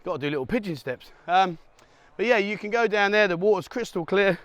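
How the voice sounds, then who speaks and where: A man's voice: high voice, lively intonation, brisk, fairly bright tone, dry recording. A middle-aged man chatting to viewers while he walks around an island resort, joking and sometimes out of breath. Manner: chatty, jokey, addresses viewers directly. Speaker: travel vlogger. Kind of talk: casual walking vlog. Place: outdoors on a hillside island resort.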